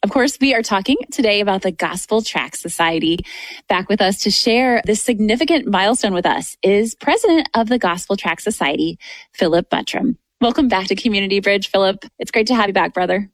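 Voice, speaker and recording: Radio host, woman, mid pitch, dry studio sound, measured delivery. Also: animated, no room sound. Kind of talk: radio interview.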